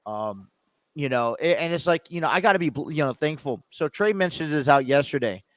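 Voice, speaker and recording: A man hosts his own sports talk podcast from a home studio, chatting casually with plenty of fillers and restarts. His voice is a little high and a bit stuffy, with lively intonation and a brisk pace, and there's no room sound.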